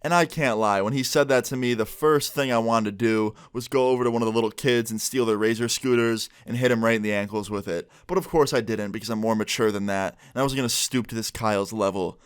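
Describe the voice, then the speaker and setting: A young man telling a story-time vlog in a casual, joking way, swearing freely and getting animated. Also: fairly low pitch, quick pace, few pauses, smooth. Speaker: storyteller vlogger.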